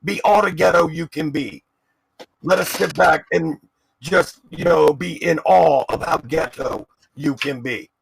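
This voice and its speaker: A man's voice: a little high, a little slow, creaky, slightly rough, low-quality recording. A man from Washington D.C. in a casual, profane debate chat, teasing the others, then asking long questions. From Southeast Washington D.C.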